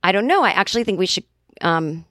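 A woman in her forties tells a rambling story on her podcast. She is casual and animated, acts out both sides of a conversation and swears freely. The sound is close and completely dry. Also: mid-range voice, quick pace, no room sound. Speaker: podcast host.

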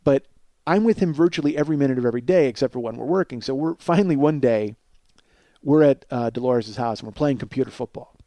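A podcast storyteller in his forties talks fast in a mid-range voice with a dark tone and no echo. He tells a long personal story casually and profanely, often laughing as he goes.

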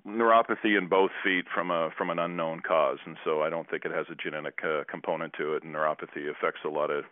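A man in his forties, a former basketball player, telling stories as a guest with dry self-deprecating humor and halting fillers. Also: rumbling low, steady tone, no echo. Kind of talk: casual storytelling interview. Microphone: phone. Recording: tinny phone line.

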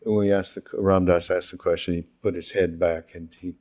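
An older man from Canada with a deep, low voice tells stories in a relaxed conversation. He acts out the quotes in his anecdotes and often breaks into laughter. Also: fairly quick. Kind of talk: casual storytelling conversation.

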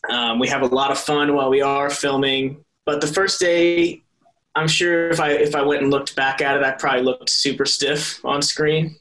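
A young man with a steady, fairly bright medium-pitched voice talks at a moderate pace, though the audio is poor. Appearing as a soap opera actor guest, he chats casually, rambling and restarting his stories, correcting himself and laughing often.

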